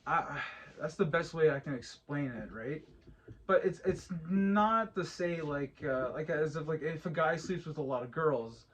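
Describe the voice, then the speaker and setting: A man's voice: on the high side, measured pace, fairly bright tone. A man in his thirties co-hosting a casual podcast chat, rambling with lots of restarts and repeated words. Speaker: podcast co-host.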